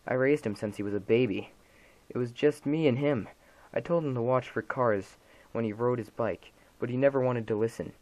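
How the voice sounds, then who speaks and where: A man's voice: mid-range voice, moderate pace, darkish tone, pitched above the performer's own voice, lightly acted, rough recording. A man voicing a terrified, panicked woman caller in a dramatic reading of a horror story, pleading and sobbing. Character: terrified middle-aged woman caller hiding.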